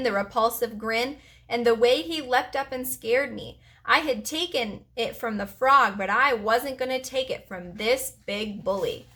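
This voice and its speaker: A woman teacher reading a children's chapter book aloud to her preschool class, with expressive storytelling. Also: fairly high pitch.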